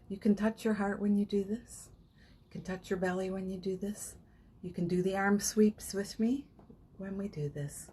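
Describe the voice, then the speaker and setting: A woman hosting a live morning session as a spiritual coach, chatting casually and leading guided affirmations, with frequent laughs and soft, almost whispered phrases. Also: on the low side, steady tone, unhurried, pauses often, a little hiss or hum. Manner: chatty, warm-hearted, laughs often, breaks into soft affirmations. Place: home, streaming live from her phone.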